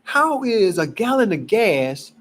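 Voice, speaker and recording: Man, husky high voice, lively and unhurried, emphatic pitchman. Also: poor audio. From Cleveland, Ohio. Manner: emphatic, exasperated, animated preaching. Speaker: gold promoter. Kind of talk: casual selling pitch to camera.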